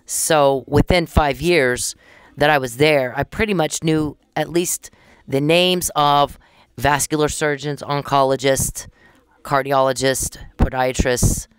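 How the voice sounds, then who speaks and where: A middle-aged woman hosts a podcast, chatting casually and indignantly as she recounts events and acts out her conversations with quoted dialogue. Her low voice is clear and resonant, with fairly even intonation and an unhurried pace, and there is no room sound.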